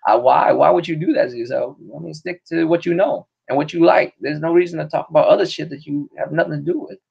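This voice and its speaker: A man with a gravelly, fry-heavy voice, rambling through a casual solo podcast chat. His talk is loose and full of swearing, broken up by frequent laughs. The audio comes through dull and lo-fi, like a home stream setup. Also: a little high, quick pace. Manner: rambling and profane, laughs often. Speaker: podcast host.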